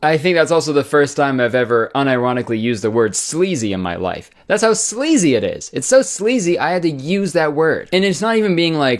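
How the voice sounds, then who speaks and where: A man's voice: fairly high pitch, sing-song, brisk, few pauses, soft background music. A young man doing comedic internet commentary, ranting sarcastically and swearing in exasperation.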